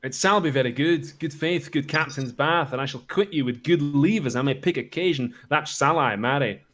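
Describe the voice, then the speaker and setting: A man's voice: on the high side, normal speed, fairly bright tone, lightly acted. A man playing a hot-tempered, cursing army captain in a comic Shakespeare read-through over a voice call. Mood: blustering. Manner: blustering, swearing oaths, stumbling through lines.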